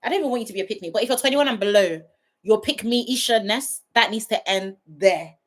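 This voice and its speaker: A woman's voice: medium pitch, fairly quick. A woman hosting a livestream review in casual chat, laughing often and talking straight to her viewers.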